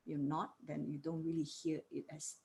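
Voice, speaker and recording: A woman's voice: deep voice, little pitch movement, normal speed, vocal fry, dark tone, slight background noise. Woman lecturing on piano. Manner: explanatory, asks students questions. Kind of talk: music lecture. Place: music studio.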